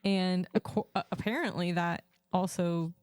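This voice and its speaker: A woman's voice: lowish voice, steady tone, moderate pace, a little mellow, clean tone, dry recording, studio quality. A young adult woman co-hosting a podcast, chatting casually with friends, laughing often and using lots of "like" fillers. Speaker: podcast co-host. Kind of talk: casual chat among friends.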